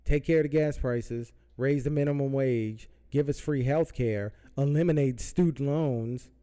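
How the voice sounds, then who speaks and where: A man's voice: mid-range voice, a little slow, dark tone, clean tone. A man hosting a podcast, ranting heatedly about politics with lots of profanity and repetition. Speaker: podcast host. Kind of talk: political rant. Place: Southern California.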